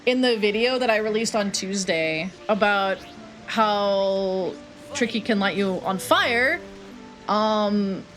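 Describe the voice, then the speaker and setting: A woman's voice: mid-range voice, a bit bright. A young woman streaming a retro game, chatting casually, joking and answering chat. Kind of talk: casual live-stream chat while playing.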